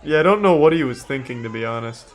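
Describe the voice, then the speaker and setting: A man's voice: medium pitch, animated, quick pace. A man streaming, making dry, sardonic remarks as he watches videos. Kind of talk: casual stream commentary.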